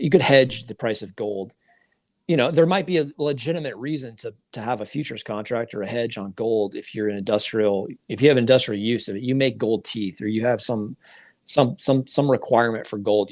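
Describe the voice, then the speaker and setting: A man's voice: on the low side, a little fast, no echo, studio quality. A man co-hosting a podcast, explaining markets in casual talk, often restarting his sentences. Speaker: podcast co-host.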